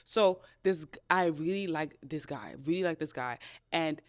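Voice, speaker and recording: A young woman hosting a podcast, telling dating stories in a casual, animated way, with loud outbursts and low asides. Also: normal speed. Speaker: podcast host. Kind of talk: casual storytelling chat.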